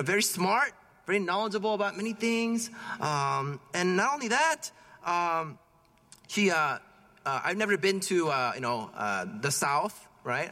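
A bright, forceful male voice, pitched a little high, sounds out across a long-reverb church. He is a priest in his thirties who preaches like he is chatting, checking in with "right?" and chuckling at himself as he goes. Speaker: parish priest. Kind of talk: conversational homily.

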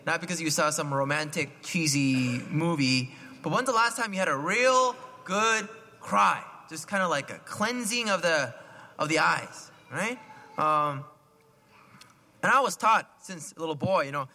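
A man giving a conversational homily, often asking his listeners questions and clearing his throat. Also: on the high side, expressive, moderate pace, bright, forceful tone. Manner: chatty, asks the listeners questions, frequent "right?". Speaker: preacher. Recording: long hall reverb.

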